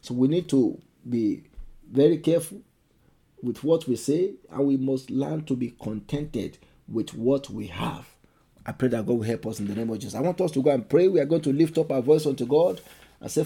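Husky mellow-voiced preacher guy, repeats everything, gets loud praying. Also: a little high, normal speed. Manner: repetitive, exhorting, switches into fervent loud prayer. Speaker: pastor. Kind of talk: sermon and prayer leading.

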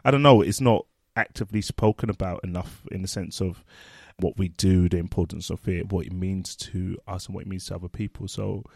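A man's voice: low-pitched, steady tone, brisk, creaky, few pauses, a little mellow, husky, no echo, clean studio sound. A man co-hosting a casual podcast among friends, who rambles through playful analogies and laughs often. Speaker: podcast co-host, social worker. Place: home front room.

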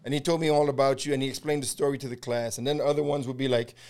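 Animated middle-aged man telling a story. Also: mid-range voice, racing. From United States. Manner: animated storyteller who acts out quotes, swears, laughs. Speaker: podcast host. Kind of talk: casual storytelling chat.

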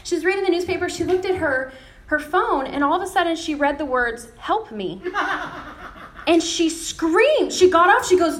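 A woman preaching a sermon, telling stories with lively retold dialogue. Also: very high voice, normal speed. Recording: echoey room.

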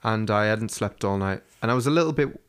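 A man with a lowish, smooth voice talks fairly quickly as a podcast co-host in casual chat. He tells rambling stories and swears freely.

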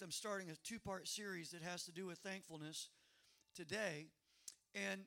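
A man preaching a sermon as pastor, emphatic, repeating words and rising to loud exclamations. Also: high-pitched, creaky.

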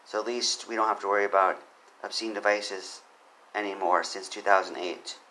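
A man giving spoken commentary on a legal case, earnest, reading quotes quickly and pressing his points with emphasis. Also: fairly low pitch, steady tone, pushed and bright, slight background noise, poor audio. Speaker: commentator on court cases.

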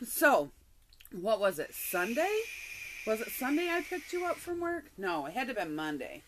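A woman co-hosting a podcast, telling a story in a casual, animated way, swearing and laughing often. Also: fairly high pitch, measured pace, noisy background. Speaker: podcast co-host.

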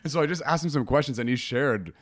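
A man's voice: medium pitch, quick pace, a bit bright. A man hosting his own podcast, chatting casually and meandering as he talks to his listeners before an interview. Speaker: podcast host.

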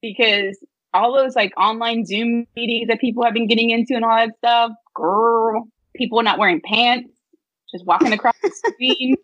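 A woman's voice: on the high side, fairly even intonation, normal speed, a bit bright, no echo. Joking woman on a dull, dry line. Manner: chatty, slangy, joking. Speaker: podcast co-host. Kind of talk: casual chat.

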